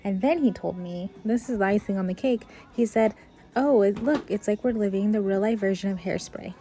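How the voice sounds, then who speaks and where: A woman's voice: medium pitch, a little fast, dark tone. A woman telling a dating story wryly, quoting with emphasis. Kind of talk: casual storytelling.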